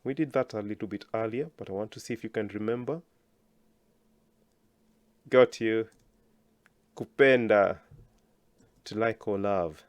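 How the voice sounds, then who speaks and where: A man teaching a language lesson, slowly enunciating words for learners to repeat and praising them often. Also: on the low side, no echo.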